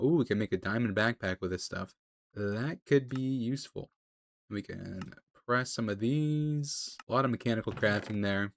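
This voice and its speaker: A young man giving casual running commentary while playing a video game, chatty and quick to shout in panic during fights. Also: no room sound, studio quality. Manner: chatty, excitable, jumps into high-pitched panic during fights. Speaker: gaming video creator. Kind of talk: live gameplay commentary.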